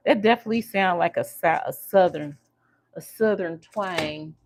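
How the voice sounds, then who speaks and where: A woman's voice: on the low side, moderate pace, a little mellow. A woman hosting a casual livestream, chatting and teasing her viewers while she works on her hair. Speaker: livestream host.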